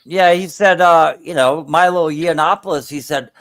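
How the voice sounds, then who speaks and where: A man's voice: fairly high pitch, normal speed, a bit bright. A man calling into a stream, talking bluntly and crudely in casual chat.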